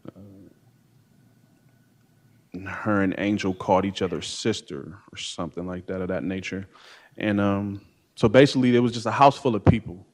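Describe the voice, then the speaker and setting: A man in his thirties giving halting courtroom testimony from the witness stand, full of fillers and uncertain pauses. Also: sits low. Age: 30s. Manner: halting, hesitant, many fillers and "I don't know".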